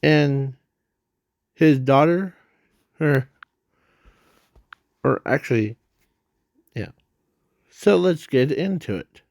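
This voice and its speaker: A man's voice: a little high, lively intonation, creaky, a little mellow, no echo, clean studio sound. A man explaining his fan idea in a casual, rambling way, full of fillers and restarts, breathing hard. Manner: halting, many fillers and restarts. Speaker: fan video creator.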